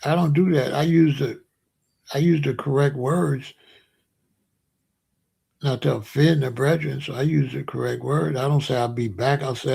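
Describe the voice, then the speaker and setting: Gravelly-voiced American man, boastful monologue. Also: medium pitch, steady tone, moderate pace, pauses often, darkish tone. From United States. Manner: rambling, repetitive, boastful. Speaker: commentary show host. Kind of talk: casual monologue to viewers.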